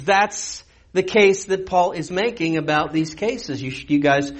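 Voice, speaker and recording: Conversational preacher, man, higher-pitched. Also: a little slow, rough recording. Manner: conversational preaching with sudden emphatic bursts. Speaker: pastor. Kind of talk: sermon.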